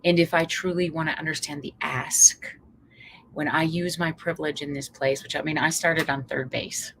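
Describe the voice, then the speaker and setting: A woman psychologist from Canada giving a motivational talk, lively and acting out quoted voices. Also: normal speed, a little hiss or hum, rough recording. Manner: lively, acts out quoted voices with big pitch jumps. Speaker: psychologist and speaker.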